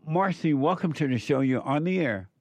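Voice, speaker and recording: A man hosts a call-in show. His voice sits a bit high for a man and he lectures emphatically, repeating his points. The sound is dry and close. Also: animated, normal speed, no room sound. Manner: preachy, emphatic, repeats phrases. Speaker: radio talk show host. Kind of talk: call-in radio talk.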